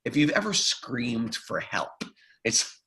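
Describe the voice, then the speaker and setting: A man co-hosting a podcast, telling a story in a lively, casual way and acting out the quotes. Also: medium pitch, takes it slowly, low-quality recording. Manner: animated storyteller, acts out quotes. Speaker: podcast co-host.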